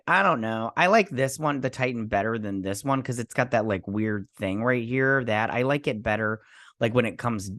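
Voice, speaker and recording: A man giving a casual, rambling recap of a TV episode, excitable and full of "like" fillers. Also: fairly low pitch, no echo, studio quality. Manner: rambling, excitable, heavy use of "like". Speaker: show recap vlogger.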